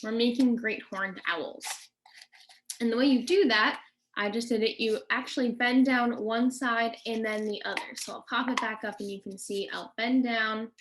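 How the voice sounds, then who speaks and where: A woman nature educator giving a children's lesson, talking slowly and in a friendly way to the kids. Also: a little high, fairly bright tone, a little hiss or hum. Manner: friendly, slow, addressing kids directly.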